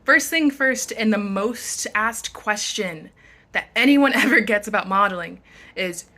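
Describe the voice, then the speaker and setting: Bright-voiced chatty young woman. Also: medium pitch, steady tone, moderate pace. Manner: chatty, upbeat, frank. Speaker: model and vlogger. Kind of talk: casual advice vlog. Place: bedroom at home.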